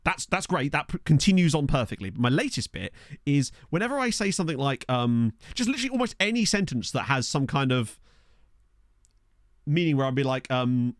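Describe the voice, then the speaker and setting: Lively man chatting to viewers. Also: fairly high pitch, fairly quick, dry recording, studio quality. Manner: animated, rambling storyteller who laughs often. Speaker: streamer playing a football management game. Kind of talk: casual chat with live viewers. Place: small bedroom. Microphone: desk USB microphone.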